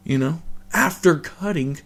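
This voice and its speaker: A male host giving a casual reaction rant about a fight, rambling and swearing with lots of fillers and restarts. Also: fairly high pitch.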